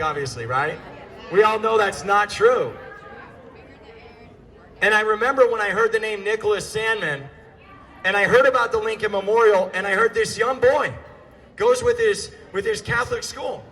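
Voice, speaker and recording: A man giving an impassioned speech to a crowd outdoors, fiery and sarcastic, often shouting through a megaphone. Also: high-pitched. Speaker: rally speaker. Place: outdoors at a street protest.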